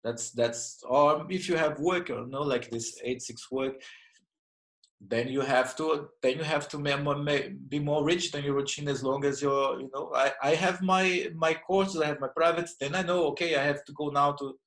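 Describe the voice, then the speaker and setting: Gravelly reflective man in his thirties. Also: a little high, fairly even intonation, a bit bright, low-quality recording. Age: 30s. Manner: reflective, halting, with many restarts and fillers. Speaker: martial arts instructor. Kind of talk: casual interview answers.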